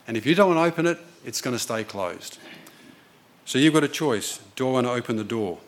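A man's voice: mid-range voice, a little fast. A man preaching a sermon, telling a story in an earnest, conversational way.

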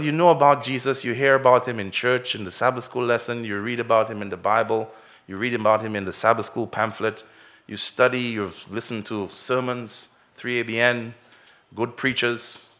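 Bright, expressive male pastor. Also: medium pitch. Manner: expressive storytelling, swells and drops in loudness and pace; asks the listeners many direct questions. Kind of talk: children's sermon with story.

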